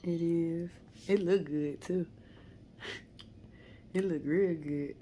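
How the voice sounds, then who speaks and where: A woman's voice: on the low side, steady tone, slow pace, dark tone, a little hiss or hum. A mother vlogging from a hospital room, emotional and fighting back tears while soothing her child. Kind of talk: casual family vlog.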